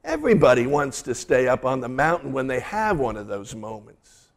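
A man, a pastor, delivering a sermon and retelling scripture in a lively storytelling way. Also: medium pitch, moderate pace.

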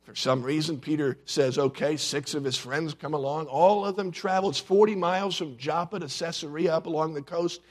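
A man preaching a sermon, telling the story in a dramatic way with sudden drops from loud to hushed. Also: a little high, normal speed, hardly any pauses. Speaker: pastor.

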